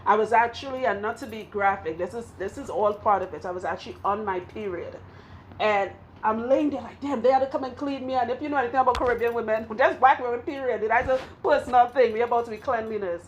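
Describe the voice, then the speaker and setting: A woman's voice: fairly high pitch, fast talker. Trini woman vlogging her story, candid, rambly, faint hiss behind. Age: 20s at surgery, now older. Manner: candid, rambling, restarts often. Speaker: hairstylist and vlogger. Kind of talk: emotional personal testimony.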